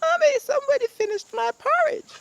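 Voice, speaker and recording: A man voicing a tiny, whiny baby bear cub in a very high, squeaky voice while telling a storybook tale. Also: lively intonation, brisk, gravelly, fairly bright tone, full character voice.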